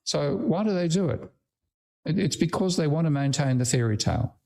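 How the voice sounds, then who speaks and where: A man's voice: fairly high pitch, animated, brisk, gravelly, warm tone. An older man with an Australian accent giving an online academic lecture over a video call, blunt and irreverent, swearing casually. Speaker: guest lecturer.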